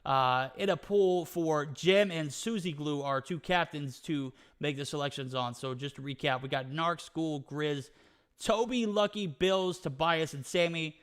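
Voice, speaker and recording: Hyped higher-voiced male esports caster. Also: fairly bright tone, clear, resonant tone. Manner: hyped, rapid name-listing banter. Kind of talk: live esports commentary.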